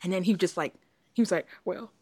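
A woman co-hosting a casual podcast, telling a long story with lively acted-out quotes. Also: fairly low pitch, brisk, breathy edge, dry recording. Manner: animated storyteller, acts out quotes. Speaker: podcast co-host. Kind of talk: casual chat.

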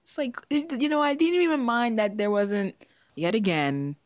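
A woman's voice: on the high side, measured pace, no room sound. A woman co-hosting a podcast, chatting casually in an exasperated, teasing way and laughing often. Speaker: podcast co-host. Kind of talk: casual chat reviewing a show.

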